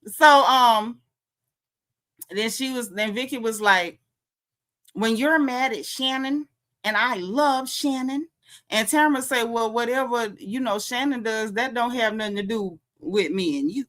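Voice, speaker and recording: A woman with a bright, higher voice, recapping reality TV in a casual chat. She tells it as an animated story, switching into the voices of the people she quotes. Her delivery is clear and forceful. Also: unhurried. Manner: animated storytelling, acts out quotes, frequent laughs.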